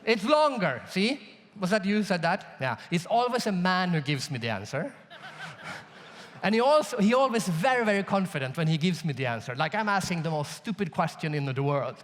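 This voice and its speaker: A man with a high-pitched voice delivers a conference keynote at normal speed, telling a joke-filled story and speaking straight to the audience in an animated way. The large hall adds noticeable reverb.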